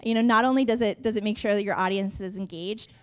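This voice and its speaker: A young woman giving a lively, chatty workshop talk on public speaking to a room, laughing between points. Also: mid-range voice, fast. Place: conference room.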